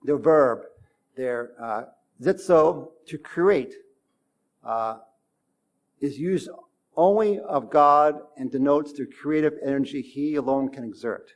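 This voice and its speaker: A man's voice: medium pitch, slow pace. Man preaching a conversational sermon. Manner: conversational preaching with emphatic bursts. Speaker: pastor.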